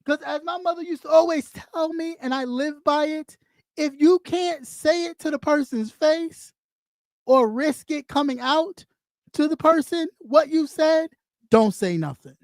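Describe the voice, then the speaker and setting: A woman's voice: high voice, measured pace, dry recording, clean studio sound. A woman hosting a live stream, talking bluntly and profanely as she scolds her audience and repeats lines for emphasis. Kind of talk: ranting live stream commentary.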